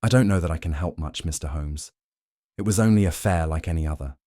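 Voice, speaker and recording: A nervous, stammering coachman who rushes his answers, as a man puts him on. The voice is low and dark, and the recording sounds dry and close. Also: no room sound. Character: nervous stammering male coachman, lower-class.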